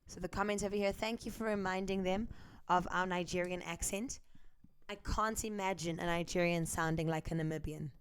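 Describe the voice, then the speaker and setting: A woman's voice: fairly low pitch, fairly even intonation, moderate pace, clean tone. South African woman asking pointed questions. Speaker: vlogger. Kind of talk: opinion commentary vlog.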